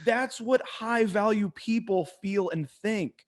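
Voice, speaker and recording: A man, a dating coach, talking casually on a podcast, an animated and profane storyteller who acts out quotes in a hushed voice. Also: high voice, takes it slowly. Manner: profane, emphatic.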